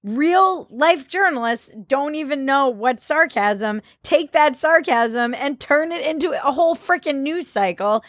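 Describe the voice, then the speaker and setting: A woman's voice: high-pitched, expressive, measured pace, few pauses, dry recording, clean studio sound. A woman hosting a comedy podcast, talking casually with sarcasm and frequent laughter. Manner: sarcastic, laughs often, slips into mocking voices. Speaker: podcast host.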